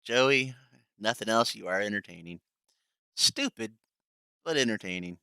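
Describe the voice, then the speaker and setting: A man's voice: fairly low pitch, brisk, creaky, pushed and bright, smooth, no echo. A man streaming live, sarcastically mocking clips and swearing casually as he fiddles with settings.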